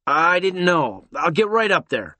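A man doing a jittery young guy, nervous and pleading, pitched up above the narrator's own voice. The sound is close and dry. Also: big pitch swings, a little slow, bright, forceful tone, no echo, full character voice.

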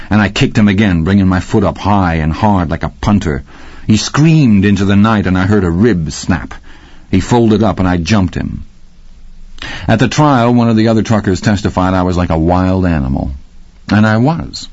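A man's voice: low-pitched, a little mellow, no room sound. A man narrating a gritty first-person story with dramatic storytelling. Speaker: audiobook narrator. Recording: slightly muffled dry audio.

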